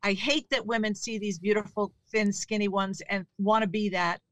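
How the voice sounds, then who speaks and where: A woman's voice: mid-range voice, fairly even intonation, normal speed, a bit bright, dry recording. A woman being interviewed as a comedian and author, speaking candidly in a conversational way. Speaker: actress, comedian and author guest. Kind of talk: casual interview chat.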